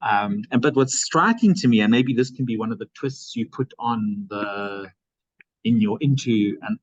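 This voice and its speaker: A man's voice: on the low side, moderate pace, slightly rough, no echo. A man chairing an academic seminar and giving comments, hesitant, with many fillers and restarts. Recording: dry, dull lo-fi sound.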